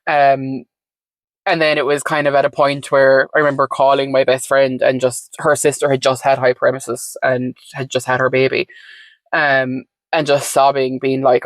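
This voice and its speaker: A woman's voice: very deep voice, flat delivery, normal speed, no echo. A woman talking candidly as an interview guest, frank and chatty with lots of fillers and the odd swear word. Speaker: podcast guest.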